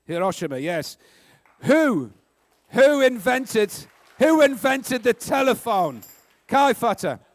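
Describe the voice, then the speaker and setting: Male NZ quiz host, very high pitch, quick joking delivery, dry recording. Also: sing-song, dry recording. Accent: New Zealand. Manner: brisk, joking, sarcastic asides. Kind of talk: live school quiz hosting.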